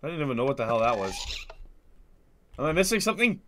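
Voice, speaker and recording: A young man with a stuffy nose commenting on a horror game, muttering quietly to himself and then suddenly screaming. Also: sing-song, fast, background noise. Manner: jumpy, swings from low muttering to sudden screams. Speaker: gaming video host.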